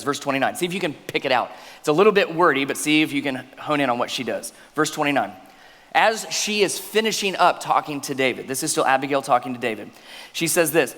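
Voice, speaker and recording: A man preaching a sermon as pastor in a church auditorium, conversational and animated, getting the congregation to repeat words after him. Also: fairly high pitch, in a large hall. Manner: conversational, animated, leads congregation in call-and-response.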